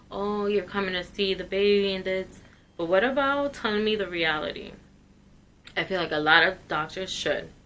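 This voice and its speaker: Slow-spoken woman with a bright tone. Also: lowish voice, a little hiss or hum, low-quality recording. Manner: slow, earnest, emotional storytelling. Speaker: vlogger. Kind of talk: personal testimony.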